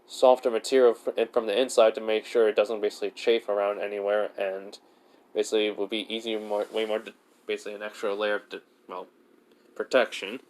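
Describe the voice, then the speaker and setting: A man's voice: lowish voice, little pitch movement, fairly quick, a little mellow. A man casually telling a self-insert fan story, rambling and saying "basically" over and over. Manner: rambling, says "basically" constantly.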